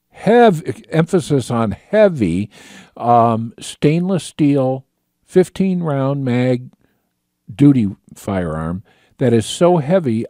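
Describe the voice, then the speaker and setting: A man's voice: medium pitch, warm tone, dry recording, clean studio sound. A man hosting a call-in radio show, chatting casually and loosely with many fillers and restarts. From Michigan.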